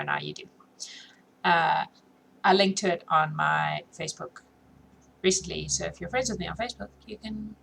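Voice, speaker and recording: Woman with sore throat reading aloud to followers, chatty, bright voice, a bit of background noise. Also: on the low side, vocal fry, rough recording. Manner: chatty, stops to fix slips. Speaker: reader. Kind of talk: casual read-aloud for followers.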